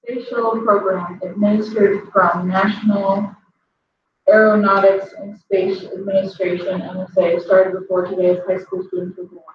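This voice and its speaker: A woman's voice: medium pitch, flat delivery, normal speed, noisy background. Female student, casual answers, heard from across a room, dull sound. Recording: echoey room from far off, dull.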